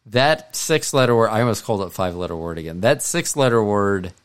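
Smooth, low-leaning, and animated, this middle-aged podcast co-host talks fairly quickly through a loose, rambling monologue. He keeps starting over and correcting himself as he wanders from point to point.

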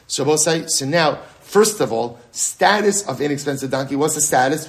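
A middle-aged man, a rabbi, teaching a lively Talmud class, asking and answering his own questions and repeating key phrases. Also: on the high side, moderate pace.

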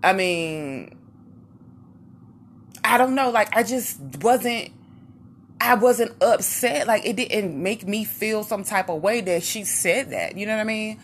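A woman's voice: medium pitch, slow pace, slight background noise. A woman vlogger telling personal stories in a casual, rambling way, losing her track, restarting, and acting out what other people said. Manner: animated, acts out what others said. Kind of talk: casual personal storytelling to camera.

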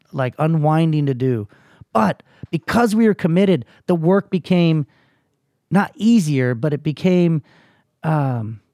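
A man's voice: a little high, a little mellow, no echo, clean studio sound. Earnest man telling a personal story. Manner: earnest, emphatic, swears freely; rallying, motivational push to listeners. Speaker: podcast host.

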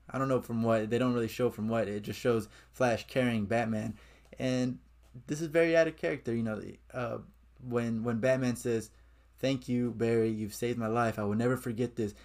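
Chatty man reviewing a comic. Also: mid-range voice. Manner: chatty, opinionated, recapping plot.

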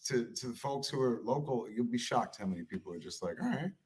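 A middle-aged man telling a story as a guest on a live chat show, swearing constantly and animated. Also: mid-range voice, fast, husky.

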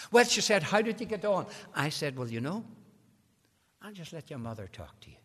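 A man preaching an evangelistic sermon, telling a story with rising passion. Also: a little high. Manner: impassioned, building to shouted climaxes. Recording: long hall reverb.

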